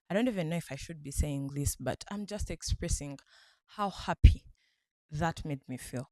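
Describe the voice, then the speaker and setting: A woman vlogger from Uganda excitedly retelling a night out, laughing often as she talks. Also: low-pitched, moderate pace, no echo, studio quality. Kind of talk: casual storytelling vlog.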